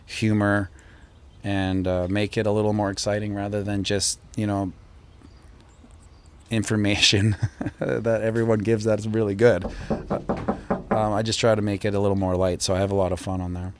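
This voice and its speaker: A man's voice: lowish voice, normal speed, long pauses, slight background noise. A man hosting his own channel, chatting casually and rambling as he answers viewer comments. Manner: relaxed and rambling, with frequent fillers and restarts. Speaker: crypto channel host. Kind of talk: casual live-stream chat reading viewer comments.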